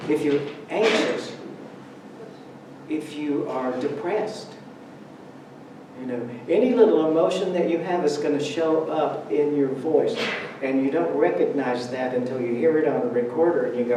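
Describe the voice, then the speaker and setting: A man with a somewhat high voice takes an unhurried pace through a Sunday church talk, telling funny stories conversationally amid laughter. The background is noisy, and the recording captures a roomy sanctuary with the speaker distant from the microphone.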